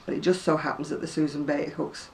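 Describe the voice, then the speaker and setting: A woman's voice: low voice, steady tone, fast, darkish tone. An older woman chatting casually to camera about her crochet, rambling and self-deprecating. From England. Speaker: crochet vlogger. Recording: distant mic with faint room noise.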